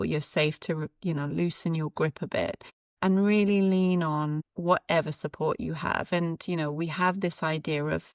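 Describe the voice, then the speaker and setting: A woman's voice: sits low, steady tone, normal speed, no echo. A woman in her thirties speaking as a podcast guest, reflective and reassuring, with many fillers. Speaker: guest, mother and author. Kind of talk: casual conversational interview. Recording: dry, slightly distant mic.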